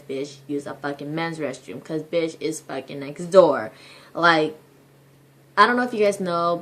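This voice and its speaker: A young woman vlogger rants to camera with a lowish voice, cursing in almost every phrase and padding her sentences with fillers. She sounds exasperated and fed up throughout, and a faint hum sits under the recording. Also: a bit bright. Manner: profane, exasperated, heavy use of filler words. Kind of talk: casual rant to camera.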